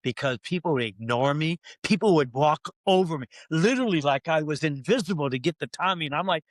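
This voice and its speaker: A middle-aged man, a pastor, telling a personal story on a podcast and acting out his own prayers, his voice climbing as he gets excited. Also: fairly quick, no echo. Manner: animated storyteller who acts out his own prayers, pitch rising when excited.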